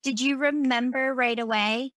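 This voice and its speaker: A woman's voice: sits high, fairly even intonation, normal speed, fairly bright tone, dry recording. A woman podcast host asking curious follow-up questions. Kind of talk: interview.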